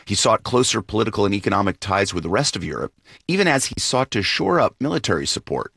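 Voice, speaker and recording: A husky-voiced man presents radio news from a dry studio. His pitch moves a lot as he reads and questions a reporter. Soft music sits under parts of his reads. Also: big pitch swings, fast talker, dry recording. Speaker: news host. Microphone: studio microphone.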